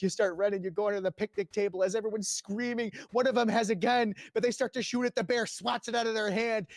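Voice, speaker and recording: A man in the middle of an in-character role-play rant, spinning a wild, profane story. His voice sits a little high for a man and sounds dry and close, dropping to a hush one moment and getting loud the next. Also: no echo. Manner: dramatic, profane storytelling swinging between hushed and loud.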